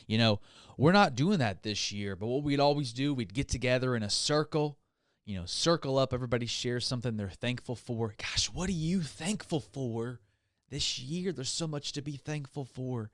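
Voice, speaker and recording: A man's voice: mid-range voice, moderate pace, no echo, clean studio sound. A man hosting a comedy podcast, rambling through a hyped, mock-enthusiastic monologue. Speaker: podcast host.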